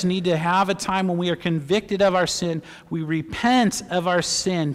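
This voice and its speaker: A middle-aged male pastor preaching a sermon with passion, swinging between loud fervor and hushed emotion. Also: fairly high pitch. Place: church sanctuary. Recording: long reverb of a church hall.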